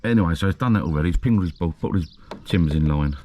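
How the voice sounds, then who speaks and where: Out of breath, a man films a renovation on a handheld camera for a casual walk-and-talk vlog, moving from an outdoor walk into a building site. He's a fast talker with a low, dark-toned voice, chatty and rambling with restarts, and there's slight background noise.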